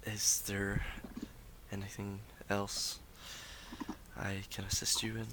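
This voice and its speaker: A man's voice: on the low side, completely flat delivery, takes it slowly, background noise. A man doing a weary, whispering old host. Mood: hospitable. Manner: soft, breathy whispered delivery.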